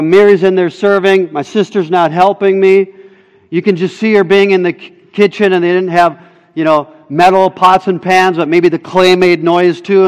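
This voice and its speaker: Man, pastor, sermon, emphatic, repeats for emphasis, somewhat high voice, long hall reverb. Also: clear, resonant tone.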